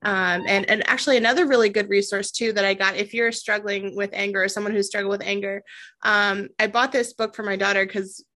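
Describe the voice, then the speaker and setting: Bright-voiced woman podcast host. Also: mid-range voice, steady tone, a little fast. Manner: warm, chatty, many fillers like "you know". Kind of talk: casual podcast conversation.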